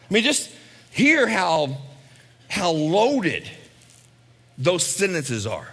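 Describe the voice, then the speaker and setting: A man's voice: high voice, huge pitch swings, extremely slow, long pauses, a bit bright, slightly rough. A male pastor preaching a sermon in a conversational way, with asides and repeated lines for emphasis.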